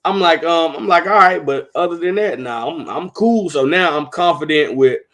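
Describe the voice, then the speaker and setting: Male streamer host, fairly high voice, loose casual chatter. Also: lively intonation, normal speed, a bit bright. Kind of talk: casual chat on a live stream.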